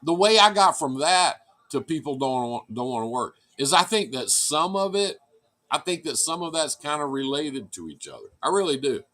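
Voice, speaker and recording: Blunt bright-voiced man. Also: fairly high pitch, big pitch swings, normal speed. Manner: blunt, profane, acts out quotes in a raised voice. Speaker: trucking business owner, show regular. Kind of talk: casual chat, storytelling.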